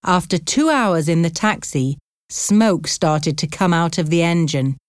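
A woman narrates a simple storybook in slow, carefully spaced sentences. Her voice sits a little low and moves expressively. The sound is close and completely dry. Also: expressive, dry recording. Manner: slow, clear, carefully paced reading. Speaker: audiobook narrator. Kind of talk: scripted narration of a graded reader.

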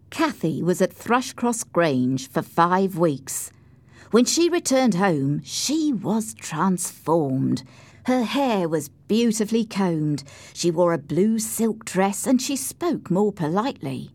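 A woman narrating a storybook in the first person, slow, clear and expressive. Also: mid-range voice, dry recording. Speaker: audiobook narrator.

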